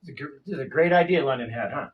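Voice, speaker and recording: A man hosting a live painting stream, chatting casually and joking while he paints, often trailing off into quiet mumbles. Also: mid-range voice, racing, highs cut off.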